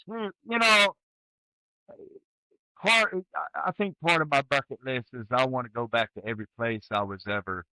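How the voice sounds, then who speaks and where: A man's voice: medium pitch, a little slow, dry recording, rough recording. A retired Army sergeant, a man in his forties, telling his service stories bluntly and with plenty of swearing in a candid interview. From United States. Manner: blunt, profane, storytelling with animated quoted outbursts. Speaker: guest, retired Army sergeant first class.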